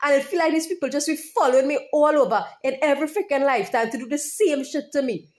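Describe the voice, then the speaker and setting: A woman's voice: high-pitched, fast. A woman YouTuber speaking in an impassioned monologue, heated and profane, repeating her phrases over and over.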